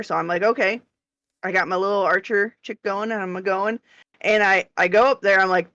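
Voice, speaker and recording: Woman, podcast co-host, animated storyteller, swearing, dry lo-fi sound. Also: mid-range voice, moderate pace, no room sound. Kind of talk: casual chat.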